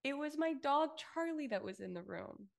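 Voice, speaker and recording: A woman's voice: sits high, animated, normal speed, creaky. A woman co-hosting a podcast in casual chat, effusive and full of fillers and swearing. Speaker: podcast co-host.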